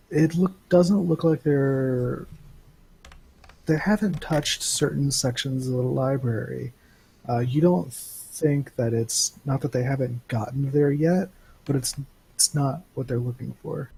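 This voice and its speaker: Husky game master narrating. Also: male voice, mid-range voice, fairly even intonation, takes it slowly, dark tone, rough recording. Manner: hesitant, filler-heavy narration.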